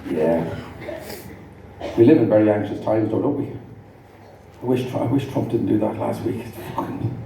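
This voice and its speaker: A man's voice: lowish voice, animated, moderate pace, vocal fry, long pauses, mellow, slight background noise. A middle-aged Irish man doing a rambling stand-up routine, stammering into repeats as the audience laughs. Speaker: stand-up comedian. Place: large comedy venue with an audience. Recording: echoey live hall recording from far off.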